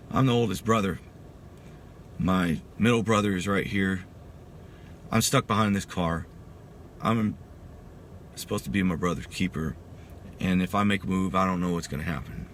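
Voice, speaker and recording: A Texan man in his thirties, a military veteran, gives a testimony, telling his personal story casually and emphatically and saying "dude" a lot. His voice is low-pitched with a fairly bright tone. A little hiss or hum can be heard.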